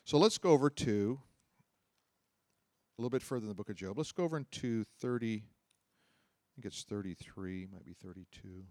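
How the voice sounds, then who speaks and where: A man with a slightly mellow voice on the low side gives Bible teaching at a moderate pace, pausing often. Conversational in manner, he reads scripture, explains it, and asks his audience questions. The recording is dry.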